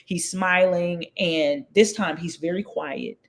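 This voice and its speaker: Woman, 40s, interview guest, storyteller who performs each quoted voice with high, sudden leaps. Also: takes it slowly. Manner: lively, acts out quoted voices with big pitch jumps.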